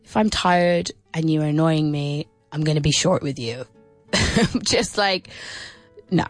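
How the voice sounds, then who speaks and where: A woman's voice: deep voice, unhurried, dry recording, soft background music. A woman hosting a casual radio lesson, chatting and explaining everyday phrases, sometimes spelling words out. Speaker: radio English teacher and show host. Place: radio studio.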